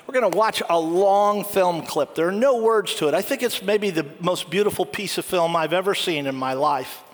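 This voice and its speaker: A man's voice: sits high, normal speed. A man preaching a sermon, retelling a film story and acting out its quoted lines. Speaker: pastor. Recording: long hall reverb.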